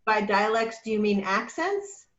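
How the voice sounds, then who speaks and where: A woman's voice: medium pitch, animated, unhurried, fairly bright tone, highs cut off. A woman in the audience asking curious questions about the talk. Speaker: audience member. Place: audience seating in a meeting room.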